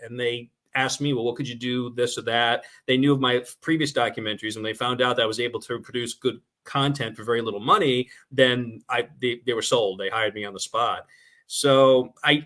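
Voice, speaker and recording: A man with a New York accent talks fast through his stories, his voice nasal and bright with a forceful edge. He chats as a guest on a talk show, animated and quick. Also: medium pitch. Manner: fast-talking, animated storyteller. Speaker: guest filmmaker. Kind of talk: casual talk-show chat.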